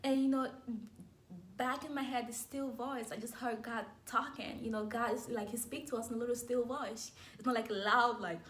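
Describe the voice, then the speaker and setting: A woman's voice: on the high side, fairly even intonation, normal speed, a bit bright, slight background noise. A young adult woman sharing a personal faith testimony in a candid, emotional way, with light laughs between her words.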